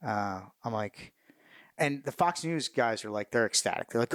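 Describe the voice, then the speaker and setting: A man's voice: mid-range voice, moderate pace, no echo. A middle-aged man, a retired Marine officer, telling war stories in a casual interview, candid and profane, with many fillers and restarts.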